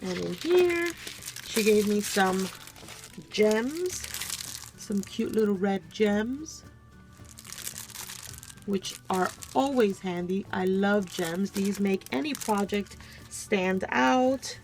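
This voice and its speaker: A woman hosting a crafting channel, casually showing off a gift package, gushing over every item and talking straight to viewers. She sounds a bit low on energy as she comes down with a cold, recording at her craft desk at home. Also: lively intonation, takes it slowly, long pauses, darkish tone, a little hiss or hum. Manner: gushing, keeps addressing viewers as "you guys". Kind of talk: casual show-and-tell unboxing.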